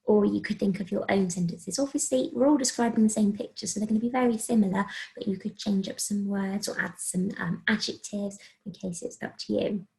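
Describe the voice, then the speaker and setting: A woman primary school teacher giving a recorded phonics writing lesson, slowly sounding out letters and words for young children. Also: medium pitch, steady tone, vocal fry, a little mellow, low-quality recording. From England. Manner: slow, sing-song, sounding out letters and words.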